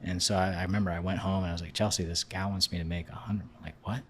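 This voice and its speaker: A man in his thirties, a podcast guest telling a story in a casual, animated way and acting out the dialogue he quotes. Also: sits low, very fast, slight background noise.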